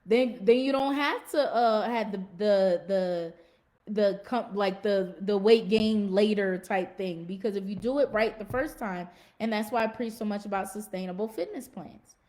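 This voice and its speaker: A woman's voice: medium pitch, normal speed, a little mellow. A woman hosting a fitness podcast, talking casually and emphatically to her listeners, repeating key phrases and using folksy slang. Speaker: podcast host and fitness coach. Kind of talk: casual motivational talk to a live audience.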